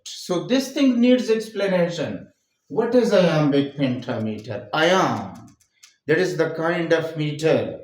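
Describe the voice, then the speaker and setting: A man with a Pakistani English accent lectures on poetry at an unhurried pace, going over each term step by step and repeating it. His voice sits high and swings widely in pitch. The recording carries a roomy echo. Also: darkish tone. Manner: repeats key phrases, explains step by step. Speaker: English teacher. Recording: echoey room.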